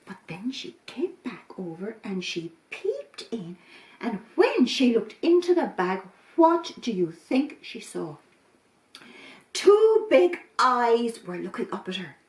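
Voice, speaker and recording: Slow, sing-song storyteller woman. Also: fairly high pitch. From Ireland. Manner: expressive, slow, sing-song, dramatic pauses. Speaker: storyteller, volunteer. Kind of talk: children's story reading. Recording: roomy, from a distance.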